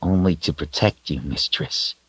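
A man growling as a gruff talking wolf. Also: no echo, lo-fi sound, exaggerated voice. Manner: growling, low and slow. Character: large male wolf, gruff, loyal, protective.

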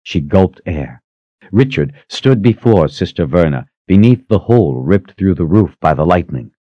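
A man narrating a fantasy story in a steady, storytelling manner, rising in tension at dramatic moments. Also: sits low, moderate pace, no echo, highs cut off. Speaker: audiobook narrator.

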